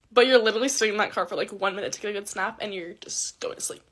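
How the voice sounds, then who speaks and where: A woman's voice: medium pitch, lively intonation, rapid-fire, hardly any pauses, fairly bright tone. A young woman giving casual advice in a social media clip, rambling and swearing constantly. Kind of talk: casual video advice monologue.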